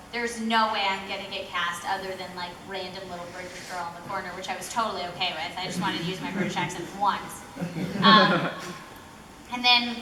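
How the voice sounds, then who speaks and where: A young woman from Texas answering questions at a convention panel, chatty and animated, with lots of fillers. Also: medium pitch, recorded from a distance, slight background noise. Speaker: voice actress panel guest. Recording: echoey hall with faint ambience.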